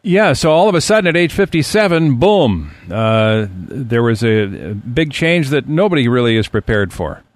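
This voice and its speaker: Male radio host, mid-pitched, halting questions, dry close sound. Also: very animated, no echo. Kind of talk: radio interview.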